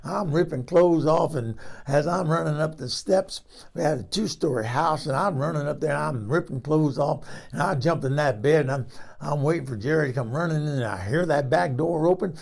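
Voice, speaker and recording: Guy doing a chatty old lady telling stories, gravelly voice, keeps cracking herself up. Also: a little high, normal speed, darkish tone. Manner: chatty, rambling, laughs at own story. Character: folksy older woman, frank, rambling storyteller. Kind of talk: comic character monologue.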